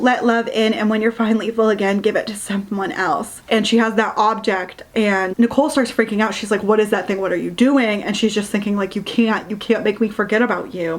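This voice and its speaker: A woman casually retelling a book's plot, stringing scenes together with "and she's like". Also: mid-range voice. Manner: chatty retelling full of "and she's like". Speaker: book reviewer. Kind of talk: casual book recap.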